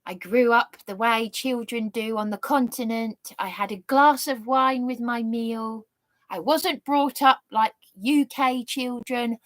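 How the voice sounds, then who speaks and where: Woman in her 30s ranting on a livestream, slow and sweary, bit high voice, sarcastic and fed up. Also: fairly bright tone, no room sound. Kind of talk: angry monologue on a livestream.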